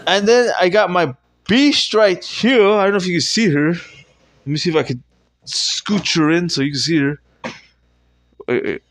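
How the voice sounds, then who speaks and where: A young man talks straight to camera from home in a rambling solo comedy monologue. His voice sits a little high for a man. He drops into low mutters, then jumps into loud, swearing outbursts. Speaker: vlogger doing improv comedy. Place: at home, indoors.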